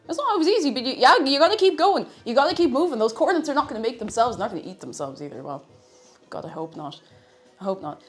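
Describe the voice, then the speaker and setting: A young woman streaming from home, chatting brightly with her viewers and greeting them by name. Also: high-pitched. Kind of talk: casual live-stream chat.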